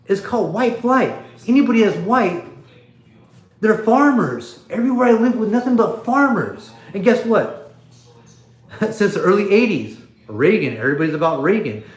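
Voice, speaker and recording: A man's voice: high voice, sing-song, normal speed, echoey room. A man hosting a casual livestream from his phone, talking bluntly and rambling, with profanity and frequent restarts. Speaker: livestream host.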